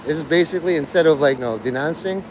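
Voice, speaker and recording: A man's voice: on the high side, fast talker, slight background noise, poor audio. A man chatting crudely and sardonically on a rambling live stream.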